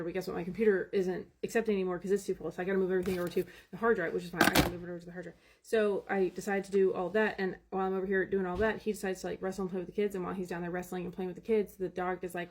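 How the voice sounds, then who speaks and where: A woman's voice: medium pitch, level tone, quick pace, a little mellow, husky. A woman vlogging about her day, rambling and exasperated, with many restarts. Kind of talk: casual storytelling vlog.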